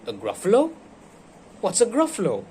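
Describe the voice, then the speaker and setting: Sly hungry storybook fox voiced by a man, coaxing, sweet-talking, a bit high, lively rise and fall, unhurried, faint hiss behind. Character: sly hungry fox, male, smooth talker.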